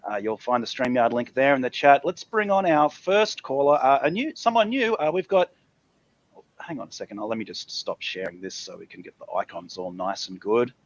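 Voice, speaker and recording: A man's voice: mid-range voice, expressive, brisk, dry recording, dull audio. A man hosting a live call-in stream show, exasperated and profane. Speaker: host.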